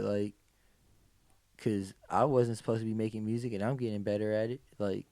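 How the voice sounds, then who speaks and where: A podcast guest with a fairly low voice tells stories at a moderate pace, and the recording has no room sound. He's animated, full of slang and swearing, and acts out what people exclaimed as he goes.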